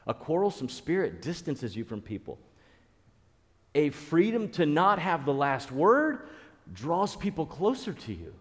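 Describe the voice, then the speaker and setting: A man's voice: a little high, wildly swooping pitch, unhurried, big-room sound. A man preaching a conversational sermon as a pastor, earnest, repeating key phrases and restarting his sentences.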